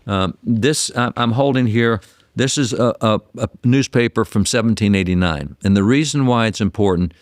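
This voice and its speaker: Brief: guest historian, man, lower voice, dry close sound, animated storyteller who restarts phrases. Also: moderate pace, no echo. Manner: animated, repeats words when starting sentences. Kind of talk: interview storytelling.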